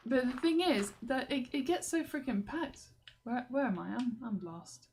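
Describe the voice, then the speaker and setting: A woman's voice: high voice, big pitch swings, normal speed, a little mellow. A young woman, rambling and exasperated in a video diary, laughing often. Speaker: vlogger. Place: walking through a station.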